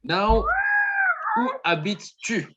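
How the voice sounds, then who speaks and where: A French man with a French accent teaching an online class, encouraging his students and repeating phrases slowly. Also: high voice, wildly swooping pitch, gravelly, shouting. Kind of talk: online demo language class. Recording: dull lo-fi audio with faint noise.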